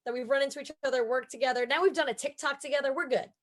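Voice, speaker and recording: A woman in her forties with an American accent, a guest actor in a casual interview, chatting and telling stories with lively quoted asides. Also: racing. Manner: chatty storyteller, acts out quotes in higher voices.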